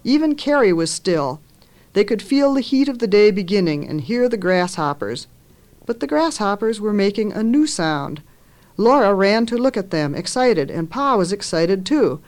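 Woman reading a story aloud, expressive. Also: medium pitch. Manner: measured, expressive reading with lifted voices for characters.

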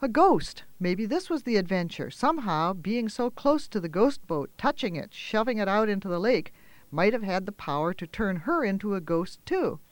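A man telling a children's story aloud in a gentle, expressive way, with small pauses and fillers. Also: sits high, no echo.

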